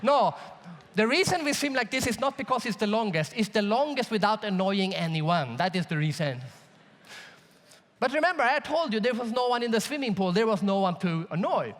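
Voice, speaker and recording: A man's voice: high voice, fairly quick. A man giving a conference keynote, telling a story with jokes and speaking straight to the audience. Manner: animated, jokey, addresses audience directly. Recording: large hall reverb.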